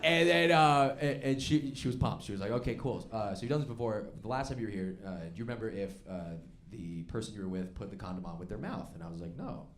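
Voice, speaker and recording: A man doing stand-up storytelling on stage, animated and laughing along as he acts out the voices in his story. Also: lowish voice, fast talker, hardly any pauses. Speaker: stand-up comedian. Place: comedy club stage before a live audience. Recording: stage mic with loud crowd laughter.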